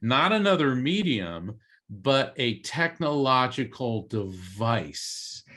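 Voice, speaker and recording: A man's voice: mid-range voice, sing-song, slow pace, sharp tone. A man from East Coast Florida, a medium and author, telling a personal story as an interview guest and acting out the voices of the people in it. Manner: earnest, acts out quoted voices in his story.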